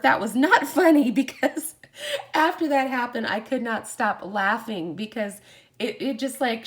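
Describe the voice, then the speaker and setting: Woman, mid-pitched, oracle card reader on a livestream; bubbly, giggly, slow and soft on affirmations. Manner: effusive, exclaims and giggles often, reads affirmations slowly. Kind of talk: live-streamed oracle card reading.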